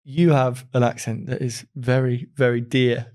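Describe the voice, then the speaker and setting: A man's voice: medium pitch, level tone, unhurried, darkish tone. A man from the Midlands hosting an interview podcast, chatty and enthusiastic, often laughing. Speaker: podcast host. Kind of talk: casual interview chat.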